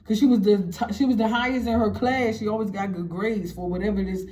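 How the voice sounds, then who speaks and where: A woman recounts a story in a casual, animated way. She swears freely and acts out what others said. Her voice sits at a middle pitch. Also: brisk. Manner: animated, profane, acts out quotes.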